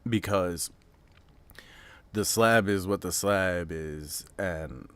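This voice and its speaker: Slow, low-voiced American man on stream. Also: smooth. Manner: rambling, chatty, reads and answers chat aloud. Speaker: streamer hosting a live reveal watch party. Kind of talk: casual live-stream chat.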